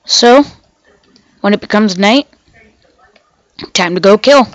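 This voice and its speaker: Sick woman doing chatty gameplay commentary, slow and rambling, dry close mic. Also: mid-range voice, lively intonation, no room sound, rough recording. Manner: rambling, chatty, talks to herself and the game animals. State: sick, sounds off. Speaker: gaming channel host.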